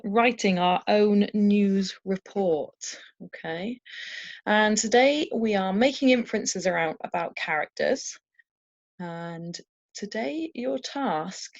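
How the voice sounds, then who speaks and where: A woman's voice: mid-range voice, no echo, lo-fi sound. Dry-voiced woman teacher. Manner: clear, encouraging, checks in with "okay?". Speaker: primary school teacher. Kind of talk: recorded home-learning lesson.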